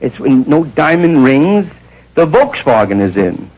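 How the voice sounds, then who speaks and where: A man doing stand-up storytelling, jumping into quick voices of the people in his stories. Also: a little high, sing-song, a little mellow, highs cut off. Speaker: stand-up comedian.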